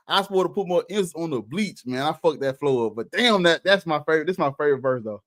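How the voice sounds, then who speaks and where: High-voiced male rapper, blunt and profane, breaks down his own verse over a faint beat in a dry room. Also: animated, quick pace, hardly any pauses, a bit bright, no room sound. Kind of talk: casual commentary over his music. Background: faint hip hop beat.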